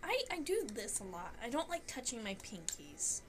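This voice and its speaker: A woman's voice: on the high side, very animated, moderate pace, noisy background. A young woman with a Southern accent, streaming and chatting casually, rambling and swearing, with some phlegm in her throat. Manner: rambling, swears often, self-deprecating.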